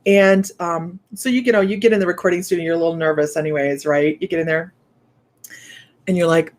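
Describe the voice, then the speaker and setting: A woman's voice: on the low side, steady tone, a little fast. A chatty middle-aged woman hosts a casual livestream and answers viewers as she goes. She sounds upbeat and laughs easily between remarks. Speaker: psychic medium livestream host. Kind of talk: casual livestream chat reading viewer comments.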